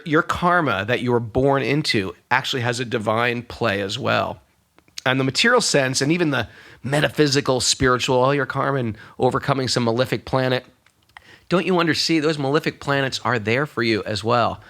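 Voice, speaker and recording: New man, podcast guest, lively yarn-spinner who slips into characters, mid-pitched. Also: fairly quick. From New York. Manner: animated storyteller who acts out voices. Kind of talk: storytelling in conversation.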